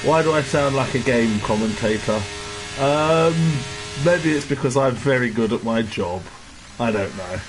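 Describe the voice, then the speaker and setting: A man giving relaxed live commentary on an online race and greeting viewers in the chat. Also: mid-range voice, unhurried. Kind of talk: live sim-racing commentary. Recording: noisy stream with engine sound behind.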